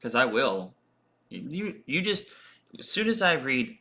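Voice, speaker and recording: A man's voice: medium pitch, very animated, takes it slowly, pushed and bright. A man teaching English on a casual livestream, thinking aloud as he answers chat questions with lots of fillers and repeated words.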